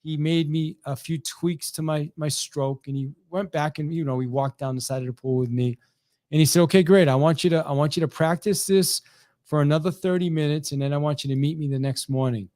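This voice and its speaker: A middle-aged man tells a motivational story to a sales audience, acting out each quoted line with a lot of energy. His voice sits fairly high for a man and keeps restarting sentences as he pushes on. The sound is dry and close, with no room around it. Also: fairly quick, no room sound. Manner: animated, acts out quoted dialogue, frequent restarts. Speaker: sales trainer.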